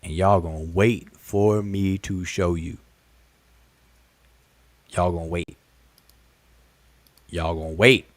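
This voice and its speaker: Slow, with long pauses, this man's low voice comes through a dry recording as he hosts a live-stream lesson. Talking straight to viewers, he repeats things and asks direct questions, animatedly calling "look, look" and greeting "y'all" and "family."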